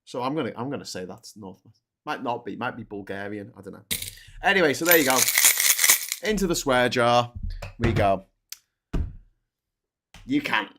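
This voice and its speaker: A man's voice: mid-range voice, lively intonation, normal speed, pauses often, noisy background. A man with a Liverpool accent hosting a casual, sweary political chat show, rambling and joking about himself. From Liverpool, England. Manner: chatty, sweary, self-mocking. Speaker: host.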